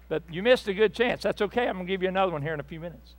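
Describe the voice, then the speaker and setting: A man preaching a fervent sermon to a church congregation, swinging between loud bursts and hushed asides. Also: on the high side, lively intonation, very fast, hardly any pauses. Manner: speaks to the congregation directly, with asides and apologies.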